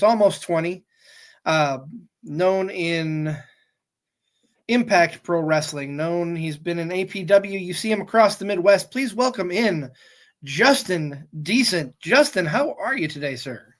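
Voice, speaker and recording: A man's voice: high voice, unhurried. A man hosting a podcast, introducing the guest in an upbeat way. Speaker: podcast host. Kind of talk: casual interview hosting.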